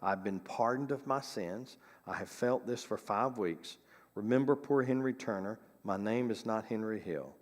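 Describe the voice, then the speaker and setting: A man's voice: lowish voice, moderate pace, long reverb tail, close to an everyday voice. A man reading aloud the earnest farewell words of a condemned man to his children, in a church sanctuary. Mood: pleading.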